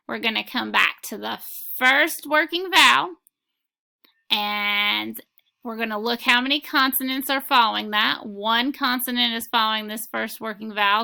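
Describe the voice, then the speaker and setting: A woman teaching a phonics lesson, reading words and sentences slowly and pausing so students can repeat them. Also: on the high side, creaky, sharp tone. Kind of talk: slow, deliberate phonics lesson. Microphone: recorded lesson video.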